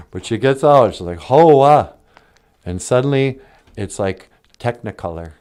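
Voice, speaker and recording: A man's voice: medium pitch, lively intonation, slow pace, darkish tone. Rambling jokey man retelling a story. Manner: rambling, jokey, with filler words. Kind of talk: comic retelling of a film.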